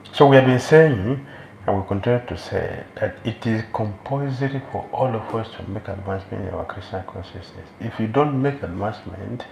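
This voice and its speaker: Gravelly-voiced man preaching in an echoey hall. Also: lowish voice, moderate pace, a little mellow, a little hiss or hum. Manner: emphatic, repeats key phrases, acts out quoted voices. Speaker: spiritual teacher giving a scripture class. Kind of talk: sermon. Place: temple hall. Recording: roomy hall echo.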